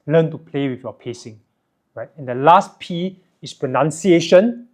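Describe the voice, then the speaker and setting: A young Singaporean man speaks straight to his audience, teaching sales and persuasion with an energetic, emphatic delivery. His voice sits a little on the high side, and he carries a clear Singaporean English accent, often punctuating points with a quick "right?". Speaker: sales and self-help educator. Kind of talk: direct-to-camera teaching monologue.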